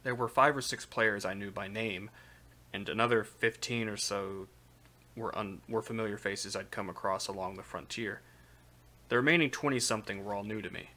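Brief: man, lowish bright voice, live-stream novel reader, steady narration. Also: normal speed. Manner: steady narration with occasional slips. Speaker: streamer reading aloud. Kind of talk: live reading of a light novel.

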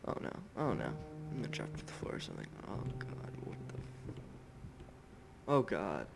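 A man's voice: medium pitch, huge pitch swings, normal speed, creaky. Jumpy, foul-mouthed young man playing a horror game. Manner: jumpy, swears constantly, drops to whispers when scared. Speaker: gamer. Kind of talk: horror game let's play commentary. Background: game music.

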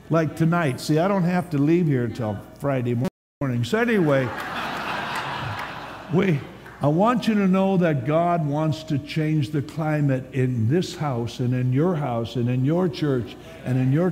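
Pastor guy preaching, kinda high voice, gets loud then real quiet, big echoey church hall. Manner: animated storytelling preacher, swings from loud to hushed. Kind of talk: sermon. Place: large church hall at a conference. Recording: long hall reverb, faint background hiss.

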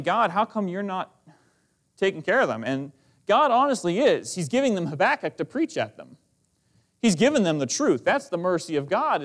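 Fervent preacher man, high voice. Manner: fervent preaching, reads King James verses aloud. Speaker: pastor. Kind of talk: sermon. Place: church sanctuary.

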